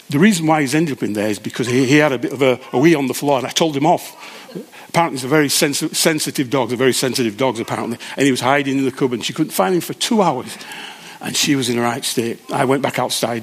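Halting male preacher. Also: medium pitch, a little hiss or hum. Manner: conversational, halting with restarts. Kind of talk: sermon storytelling.

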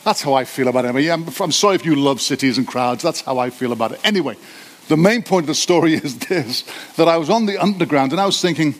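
Chatty pastor, higher voice. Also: male voice, animated. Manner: conversational, self-deprecating, halting with many restarts. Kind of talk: sermon. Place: church hall.

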